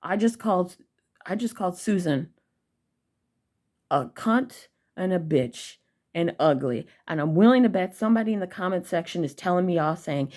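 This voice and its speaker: A woman's voice: fairly low pitch, expressive, moderate pace, warm tone. Blunt, profane woman ranting. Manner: blunt, profane and heated, addressing viewers directly. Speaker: vlogger. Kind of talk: angry storytime rant.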